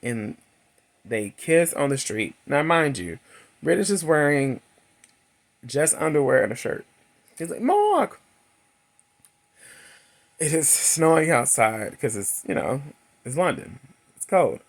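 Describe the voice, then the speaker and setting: A man in his thirties giving a chatty, laughing movie recap and review, acting out characters' lines in a high voice. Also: animated, measured pace, creaky, pauses often.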